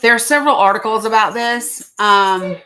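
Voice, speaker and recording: A woman's voice: medium pitch, normal speed, sharp tone, low-quality recording. A woman host, chatting casually to viewers and reading statements aloud. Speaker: show host. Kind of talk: casual live-stream commentary.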